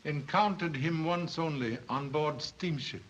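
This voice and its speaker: A man playing a calm, wise middle-aged detective who talks in clipped, proverb-like broken English, in a 1930s film. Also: fairly high pitch, a little slow. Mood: measured. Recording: dull old film soundtrack.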